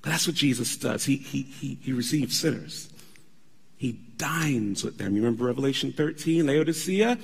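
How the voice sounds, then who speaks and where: A pastor delivering a sermon, emphatic and conversational, with asides to the congregation. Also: male voice, medium pitch, lively intonation, moderate pace, gravelly, husky, in a large hall.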